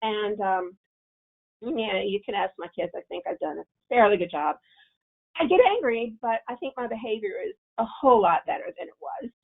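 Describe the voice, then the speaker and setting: A woman's voice: mid-range voice, expressive, moderate pace, creaky, husky. A woman presenting a parenting webinar on a video call, coaching listeners and acting out angry self-talk as examples. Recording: tinny phone-line audio.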